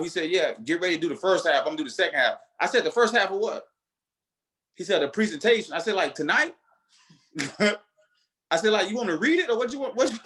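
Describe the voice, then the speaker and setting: A man's voice: high voice, fairly bright tone. A man leading a network marketing team, giving a motivational talk with emphatic, preacher-like repetition.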